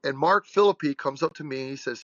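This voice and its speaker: A man's voice: mid-range voice, fairly quick, fairly bright tone, no room sound, dull audio. A man in his sixties, a strength coach being interviewed, telling stories bluntly and with animation. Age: 60s. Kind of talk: podcast interview storytelling.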